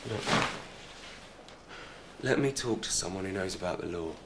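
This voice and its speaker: A man's voice: low voice, expressive, moderate pace, noisy background. An actor playing a man who insists his frightened friend go to the police, in a reassuring, persistent way. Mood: urging. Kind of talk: TV drama acting.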